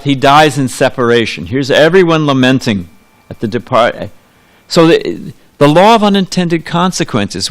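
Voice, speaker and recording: A man delivers a sermon in a temple hall, with a voice of ordinary middle pitch. He talks casually and loosely, with frequent restarts and side remarks as he tells a story to his listeners. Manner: conversational, rambling with asides and restarts. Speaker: preacher.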